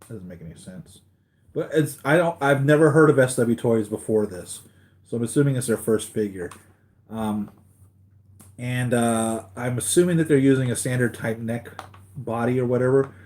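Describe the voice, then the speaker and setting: A man's voice: mid-range voice, moderate pace, a little mellow. A man hosting a live collectibles stream, chatting casually with viewers, tired after a sleepless night and rambling with many restarts.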